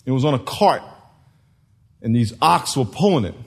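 A man's voice: mid-range voice, expressive, normal speed, vocal fry, breathy edge. A man preaching a sermon to a congregation, telling stories, acting out voices and laughing. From United States.

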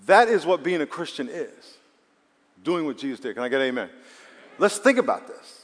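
A male preacher giving a sermon, animated and acting out quoted voices. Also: fairly high pitch, normal speed. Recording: long reverb of a hall.

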